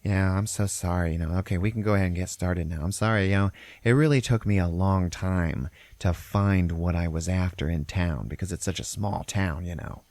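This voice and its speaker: A man's voice: deep voice, brisk, hardly any pauses, a little mellow, no echo. A man voicing a drunk, grieving wife who rambles bitterly and breaks down, in a dry close sound. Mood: drunk rambling. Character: drunk grieving wife lashing out, adult woman.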